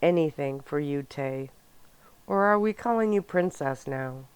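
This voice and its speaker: A woman voicing a calm, protective young werewolf man in a soft-spoken ASMR audiobook reading. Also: low voice, unhurried, smooth, dry recording. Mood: tender. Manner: calm, caring, quietly serious.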